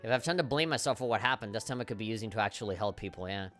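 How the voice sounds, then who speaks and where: A man streaming a game live, reacting in an excitable, profane way and reading the on-screen dialogue aloud. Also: on the low side, rapid-fire, soft background music. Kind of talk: casual live gameplay commentary.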